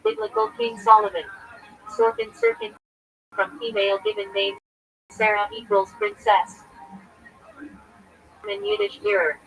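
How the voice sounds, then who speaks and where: Male rabbi on a livestream, gravelly and bright-toned, reading a list in terse clipped bits with a lively, jumpy pitch. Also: measured pace, pauses often, faint music behind, rough recording. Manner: clipped fragments, terse and listing.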